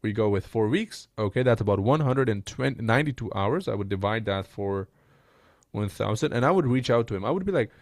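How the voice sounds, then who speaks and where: A man's voice: fairly low pitch, fairly quick, no room sound, clean studio sound. A man coaching on sales messages in a casual, slangy way, often tossing in "bro" and "right?". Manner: animated, slangy, says "bro" and "right?" a lot.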